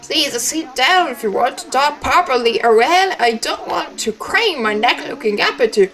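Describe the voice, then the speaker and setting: A woman's voice: sits high, expressive, moderate pace, a bit bright, pitched above the performer's own voice. A woman voicing a stern, disapproving gray-haired mother in a text game, speaking in clipped lines.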